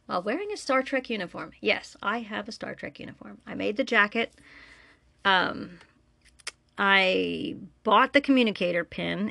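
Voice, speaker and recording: A woman's voice: mid-range voice, a little slow, gravelly, pushed and bright, no echo. A woman hosting her own podcast alone in a room, chatting casually and laughing at herself. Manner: chatty, self-deprecating, laughs often. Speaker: podcast host and story reader. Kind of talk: casual solo podcast chat.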